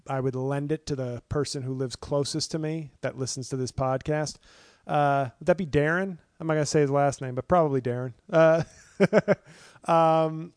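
A man's voice: medium pitch, darkish tone, dry recording, clean studio sound. A man hosting a casual solo podcast from home, rambling and sarcastic with lots of fillers and self-mocking asides. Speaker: podcast host.

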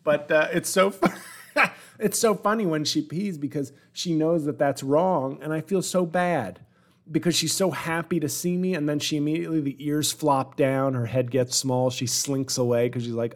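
A man's voice: fairly high pitch, steady tone, moderate pace. Rambling self-mocking man in his forties. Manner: rambling, self-deprecating, wry. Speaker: podcast host. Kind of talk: comedic solo monologue.

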